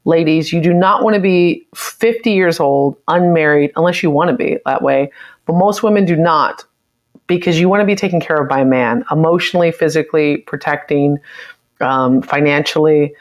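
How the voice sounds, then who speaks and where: A woman's voice: low-pitched, moderate pace. An American woman hosting a live stream, reading viewer comments aloud and reacting to them in a chatty, opinionated way. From United States. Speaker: livestream host.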